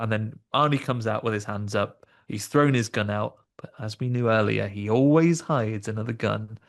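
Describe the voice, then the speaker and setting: A man's voice: on the low side, normal speed, vocal fry, few pauses. A man co-hosting a casual film review podcast, joking and acting out lines from the film. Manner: jokey, acts out film lines in funny voices. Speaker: podcast co-host.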